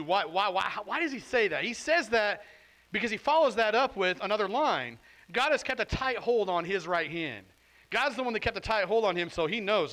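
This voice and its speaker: A man preaching a sermon in a relaxed, conversational way, often acting out the voices he quotes. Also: sits high, a little fast, low-quality recording. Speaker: pastor.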